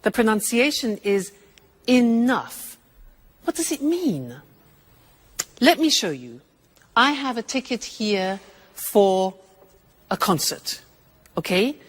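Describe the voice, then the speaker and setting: Woman English teacher, deliberate and expressive, slow pace. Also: mid-range voice, breathy edge. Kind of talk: English lesson explanation.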